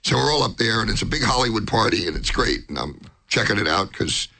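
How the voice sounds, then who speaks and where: A man's voice: on the low side, quick pace, vocal fry. A male comedian telling a rambling backstage story, stammering and restarting, and acting out other people's lines. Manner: animated, acts out others' lines. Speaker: guest comedian. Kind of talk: rambling anecdote.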